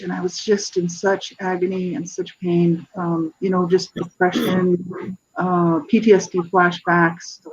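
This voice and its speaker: With a fairly low, breathy voice and muffled highs, this author and advocate in her fifties shares her own story on a radio interview. She is earnest and searching, frequently starting over and dropping in "you know, right?" and other asides.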